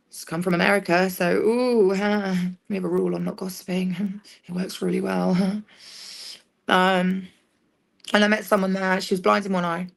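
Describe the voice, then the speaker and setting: A woman's voice: on the low side, creaky. A woman livestreaming a rambling personal monologue, sardonic and swearing freely as she jumps between topics.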